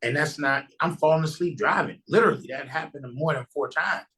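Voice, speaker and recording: A man's voice: a little high, fairly quick, sharp tone, rough recording. Earnest man telling a personal story. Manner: earnest, conversational, with frequent restarts. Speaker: podcast guest.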